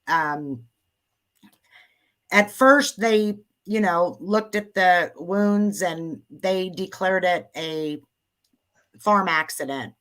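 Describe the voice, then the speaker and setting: Female host, low voice, unhurried chatty delivery, live-stream talk. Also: a bit bright. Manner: chatty, distracted by tech troubles. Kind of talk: casual livestream narration.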